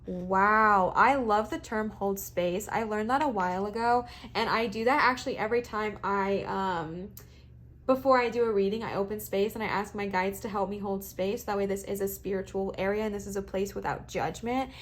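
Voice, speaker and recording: A woman's voice: medium pitch, normal speed. A young woman giving a pick-a-card tarot reading, chatty and emotional, reading card texts aloud between gushing asides. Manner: gushing and emotional, says "y'all" and "bestie". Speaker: tarot reader.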